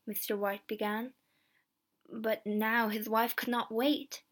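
A woman reading a simple story aloud in clear, slow narration. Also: on the high side, steady tone. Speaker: reader.

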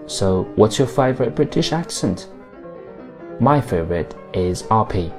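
A man hosting a language podcast in calm, guiding lesson narration. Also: fairly low pitch, measured pace, music in the background. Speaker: podcast host.

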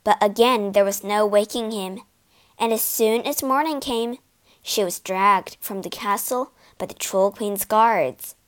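A woman reading a fairy tale aloud as narrator, in a careful, expressive manner. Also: medium pitch, unhurried. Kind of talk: storybook read-aloud.

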